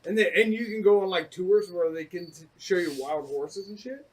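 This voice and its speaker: A man's voice: sits high, normal speed. A man co-hosting a casual podcast, easygoing and often chiming in with agreement. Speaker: podcast co-host. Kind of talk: casual chat. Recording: voice a bit distant from the mic.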